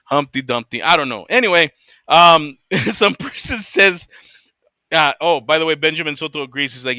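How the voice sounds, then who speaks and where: A man's voice: a little high, animated, normal speed, pushed and bright, no echo. A man hosting a casual chat, ranting with lots of swearing and laughing often. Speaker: podcast host.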